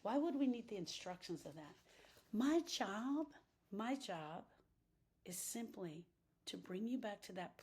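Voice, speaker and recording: Husky middle-aged woman, grief coach, emphatic, hushed then rising, repeats herself. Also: medium pitch, big pitch swings, unhurried, pauses often. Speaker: grief coach and podcast host. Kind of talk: impassioned motivational talk.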